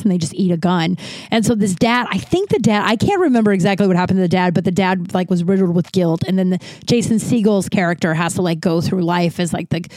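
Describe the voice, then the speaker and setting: A woman in her thirties hosting a podcast, telling a rambling, swear-filled story in casual chat and jumping up in pitch when she quotes people. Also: no echo. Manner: rambling, swears a lot, many likes; animated, jumps high for quoted voices. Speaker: podcast host.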